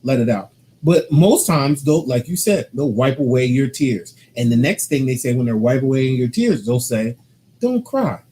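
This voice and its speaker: A man co-hosting a casual couple's talk show, arguing his side with animated, teasing energy and acting out what others say. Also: mid-range voice, moderate pace, hardly any pauses, a little hiss or hum. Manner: animated, argumentative and teasing, quoting people in changed voices. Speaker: co-host.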